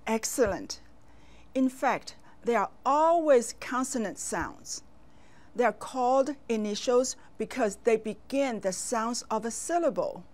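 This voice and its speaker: A woman teaching a children's language lesson in a slow, clear voice, pausing for the learner to repeat after her. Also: fairly high pitch, a little mellow.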